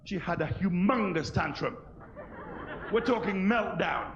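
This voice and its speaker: A man in his thirties doing live stand-up comedy, animated and cheeky, acting out little voices. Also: high-pitched, a little slow, slight background noise. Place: large theatre stage. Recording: roomy lo-fi VHS stage recording.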